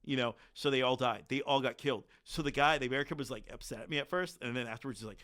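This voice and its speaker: A man at a middle pitch recounts combat as a podcast guest. He speaks casually and bluntly, with many filler words. His tone is frank and plain. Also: very fast, a bit bright. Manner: blunt, candid war storytelling with frequent filler words. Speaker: podcast guest, military veteran. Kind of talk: casual conversational storytelling.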